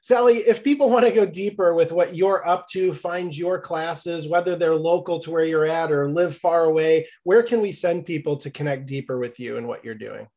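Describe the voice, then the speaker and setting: A man's voice: on the high side, moderate pace, few pauses, warm tone. A man hosting a faith podcast, a friendly and affirming interviewer who closes the episode. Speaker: podcast host.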